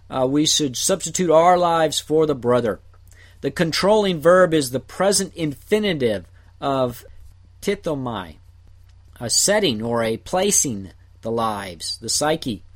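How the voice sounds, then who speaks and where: A man teaching a Bible passage verse by verse, explaining Greek words in short, deliberate phrases. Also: fairly high pitch. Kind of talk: slow verse-by-verse Greek word study.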